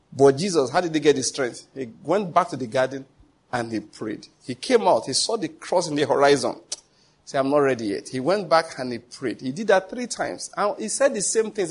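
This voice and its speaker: Pastor, male, slightly high voice with a husky edge; preaches with emphatic rhetorical questions. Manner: emphatic, rhetorical questions, frequent pidgin asides. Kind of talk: sermon.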